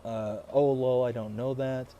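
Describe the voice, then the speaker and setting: A man's voice: medium pitch, steady tone, unhurried, dark tone, highs cut off, slight background noise. A man hosting a live stream of a farming game, chatting casually, reading viewer comments aloud and rambling through stories with frequent laughs. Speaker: livestream host playing a farming game. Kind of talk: casual livestream chat.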